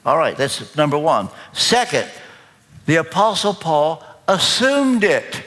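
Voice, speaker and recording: A man with a Kentucky accent preaching a sermon as pastor, slow, deliberate and emphatic. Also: fairly high pitch, sing-song, fairly bright tone. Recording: long reverb of a large hall.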